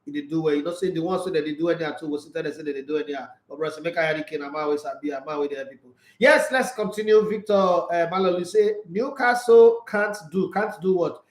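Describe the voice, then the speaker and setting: Barely pausing, a high-voiced Nigerian man keeps up quick, casual sports talk on his livestream. He laughs often and flips between Pidgin and English with real energy, and the echo suggests a bare room.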